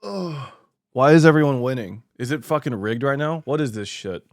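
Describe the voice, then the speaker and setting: A male streamer chatting live to his viewers, theatrical, groaning and yelling at chat, sore from a workout. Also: medium pitch, brisk, no echo, clean studio sound. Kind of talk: livestream chat.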